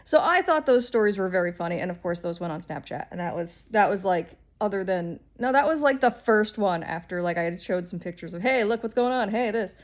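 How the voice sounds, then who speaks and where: A woman's voice: lowish voice, animated, a little fast, hardly any pauses. Woman vlogging, rambly and fed up, wry, lots of ums. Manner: rambling, exasperated and wry, with many fillers. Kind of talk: casual storytelling vlog.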